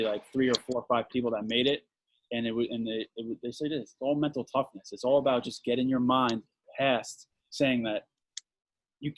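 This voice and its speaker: A man co-hosting a casual podcast chat, talking in a relaxed, rambling way and repeating words as he starts a thought. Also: medium pitch, dry recording. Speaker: podcast co-host.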